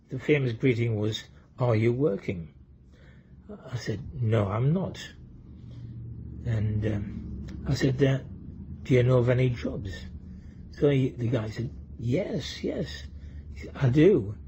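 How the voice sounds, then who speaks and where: A man's voice: medium pitch, warm tone, a little hiss or hum. A man telling comic anecdotes and reading a short poem, with a rambling delivery full of ums and uhs. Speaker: comedian and poet. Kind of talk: joke telling and poetry reading. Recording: dull lo-fi recording.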